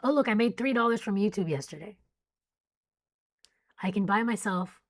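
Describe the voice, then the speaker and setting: A woman's voice: medium pitch, moderate pace. Young woman, weather stream host, casual and chatty, yawning late at night. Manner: chatty, reads warnings then jokes with chat. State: sleepy, yawning. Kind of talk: casual live weather coverage.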